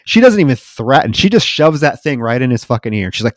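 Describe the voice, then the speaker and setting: A man co-hosting a horror film podcast, recapping scenes in a casual, animated way and acting out the characters' lines. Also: medium pitch, fairly quick, few pauses, no room sound, clean studio sound. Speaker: podcast co-host.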